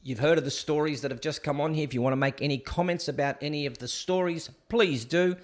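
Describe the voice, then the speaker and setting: A man's voice: fairly high pitch, quick pace. A man hosting a live stream show. He rants with sarcasm and talks straight to his viewers. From Australia. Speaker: host. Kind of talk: opinionated live-stream commentary.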